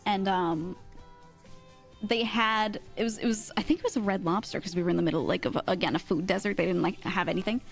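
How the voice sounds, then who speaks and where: A young woman streamer telling a story in casual chat, animated, laughing often and full of fillers. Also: medium pitch, fairly quick, creaky, faint music behind.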